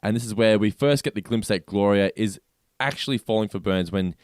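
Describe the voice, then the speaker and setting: A man's voice: fairly low pitch, fairly quick, a little mellow, clean tone, no echo, studio quality. A man co-hosting a podcast, recapping episode scenes in a chatty manner and laughing easily. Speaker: podcast co-host. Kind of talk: casual review chat.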